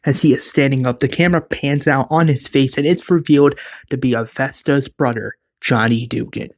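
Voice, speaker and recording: A man's voice: medium pitch, fairly even intonation, moderate pace, dry recording. A man casually retelling his own fan story, restarting words as he narrates. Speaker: series creator and narrator.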